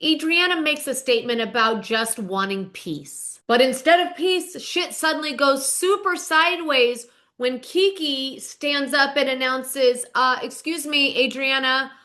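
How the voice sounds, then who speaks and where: A woman's voice: high voice, measured pace, few pauses, a bit bright. A woman host giving a chatty, emphatic recap of reality-show gossip, straight to her viewers. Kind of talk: casual recap commentary.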